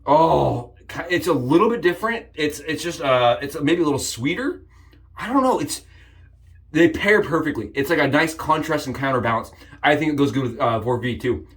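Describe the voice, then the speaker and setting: A man hosting a casual shaving vlog, upbeat and jokey, rambling with frequent restarts and sudden excited jumps in pitch. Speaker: shaving channel host. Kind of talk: casual shave demonstration vlog.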